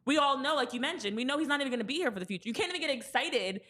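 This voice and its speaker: Woman podcast co-host, high bright voice, fired up, keeps asking why not. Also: lively intonation, very fast. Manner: emphatic, exasperated rants with rhetorical questions. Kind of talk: casual sports podcast chat.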